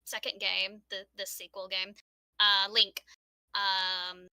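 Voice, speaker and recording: A woman in a casual group voice call, chatting excitedly and laughing about a collectible she got in the mail. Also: medium pitch, takes it slowly, no echo, poor audio. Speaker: book club member.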